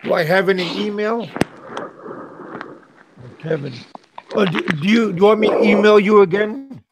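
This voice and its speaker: A middle-aged man hosting a casual live stream, chatting with callers in a halting way, often repeating his words. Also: high voice, fairly even intonation, background noise. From USA. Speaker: streamer host.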